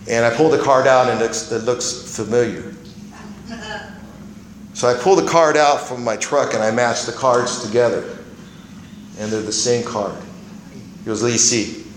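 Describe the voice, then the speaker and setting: A man's voice: lowish voice, roomy sound, a little hiss or hum, poor audio. A middle-aged man sharing his personal testimony at a recovery meeting, rambling as a storyteller with many fillers and restarts.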